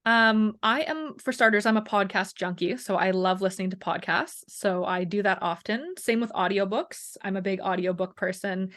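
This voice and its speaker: A woman talking casually as a wellness coach in an interview, animated and acting out quoted voices, peppering her speech with "like" and "you know". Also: medium pitch, moderate pace, few pauses. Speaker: chronic pain and wellness coach, guest.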